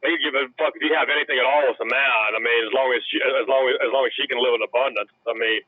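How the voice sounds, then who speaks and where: A man calls in to a talk show with a mid-pitched voice that comes through a thin, tinny phone line. He rambles sarcastically and swears often. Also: steady tone, rapid-fire, a crowd in the background. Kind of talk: heated casual talk show chat.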